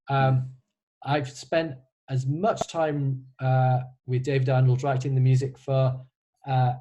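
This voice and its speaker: Man, composer, video call Q&A, warm dark tone, halting restarts, dry humor. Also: medium pitch, low-quality recording. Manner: hesitant, many restarts and fillers, wry. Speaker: composer answering student questions. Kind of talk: casual online Q&A.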